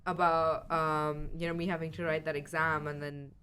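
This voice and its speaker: A woman's voice: low voice, little pitch movement, moderate pace, fairly bright tone, a little hiss or hum. A young woman co-hosting a podcast, telling a long story in casual chat, rambling, swearing and laughing often. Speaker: podcast co-host.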